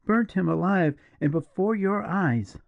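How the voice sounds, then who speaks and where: A man's voice: medium pitch, moderate pace, dry recording, dull audio, close to an everyday voice. A man voicing an impassioned, tender-hearted young woman in an audiobook, crying out in a raised, emotional voice. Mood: horrified. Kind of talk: audiobook character reading.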